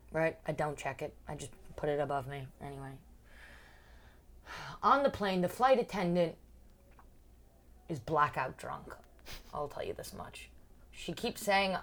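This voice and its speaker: A woman's voice: deep voice, lively intonation, measured pace, long pauses, fairly bright tone. A young woman, a stand-up comedian, telling a story in casual podcast chat and acting out other people's lines in big voices. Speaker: podcast co-host.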